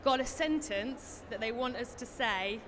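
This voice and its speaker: A woman's voice: a little high, unhurried, a bit bright, slight background noise. A woman hosting a live convention stage interview, chatty, laughing often and hyping up the crowd.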